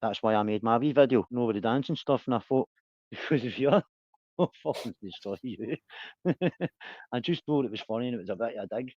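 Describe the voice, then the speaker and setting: A man's voice: medium pitch, quick pace, darkish tone, dry recording, lo-fi sound. A man, hosting a casual livestream chat, rambling, laughing and swearing a lot. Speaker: livestream host.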